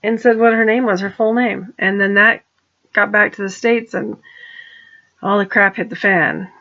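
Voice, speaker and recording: A woman talks straight to the camera in a rambling personal monologue, often restarting her sentences. She turns pointed and accusing as she goes. Her voice sits at a middle pitch, and the recording is dull and lo-fi. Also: steady tone, normal speed, pushed and bright. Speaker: vlogger.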